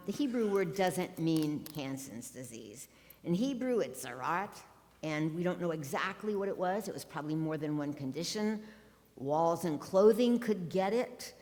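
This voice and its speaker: A woman's voice: low voice, darkish tone. A woman pastor preaching a sermon from the pulpit, with wry, sarcastic asides. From Ohio. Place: church sanctuary. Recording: long church reverb.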